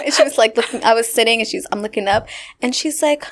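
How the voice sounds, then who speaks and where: A woman's voice: on the high side, fast. A woman in her late twenties hosting a podcast, telling stories in casual chat with lots of fillers and acted-out quotes. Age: 20s. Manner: animated storyteller, heavy "like" filler, acts out quotes. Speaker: podcast host.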